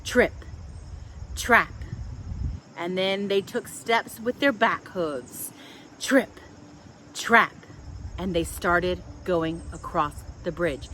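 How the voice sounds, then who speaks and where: A woman hosting a children's storytime outdoors, telling the tale in an expressive, playful way with dramatic pauses. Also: lowish voice, slight background noise. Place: outdoors in a park.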